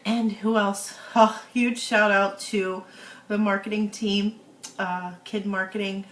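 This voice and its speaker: A woman author giving a casual, tearful video update to her followers, talking slowly and haltingly with many fillers. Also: mid-range voice, fairly bright tone, roomy sound.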